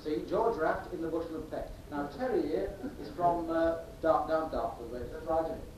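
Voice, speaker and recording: Male comic, pompous lecturing patter, high voice; distant, very echoey, noisy live recording. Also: normal speed, a little mellow, lo-fi sound. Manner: mock-pompous lecturing, laughing between lines. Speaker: comic performer.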